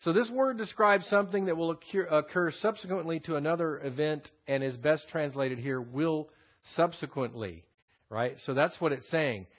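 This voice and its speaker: A man's voice: fairly high pitch, moderate pace. A man with a Texan accent teaching a Bible passage as a pastor. He explains the Greek words and repeats his key phrases. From Texas. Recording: dull lo-fi sermon recording.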